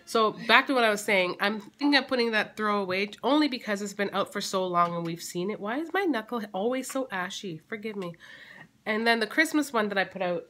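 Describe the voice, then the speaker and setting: A woman in her thirties, a mother chatting casually at home for her family vlog, teasing and quick to laugh. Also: mid-range voice, lively intonation, bright, forceful tone, slight background noise.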